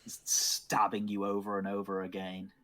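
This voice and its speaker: A man acting as dungeon master, calmly narrating dice rolls and the action of a tabletop game. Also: sits low, normal speed.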